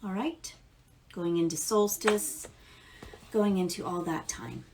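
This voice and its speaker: Slow-talking chatty woman tarot reader. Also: fairly low pitch, a little mellow, a little hiss or hum. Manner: chatty, casual, swears, calls viewers darling and baby. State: amped up. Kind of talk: live tarot reading.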